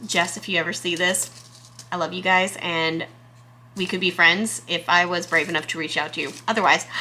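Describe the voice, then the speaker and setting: A young woman from Texas, chatting casually to camera as a gardening vlogger in a chatty, excitable, self-deprecating way. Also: on the low side, slight background noise.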